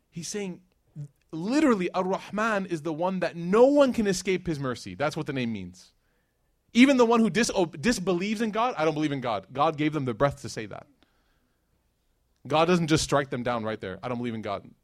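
A man preaching to a live audience, telling stories in a lively rhythm and dropping into hushed asides. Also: a little high, normal speed, no echo, clean studio sound. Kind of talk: sermon.

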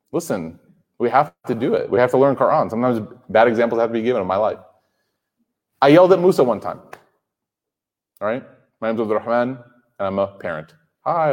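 A man's voice: medium pitch, a little mellow. A man in his thirties giving a sermon to a live audience, conversational and joking, often asking the crowd questions. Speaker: Islamic speaker. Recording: hall reverb.

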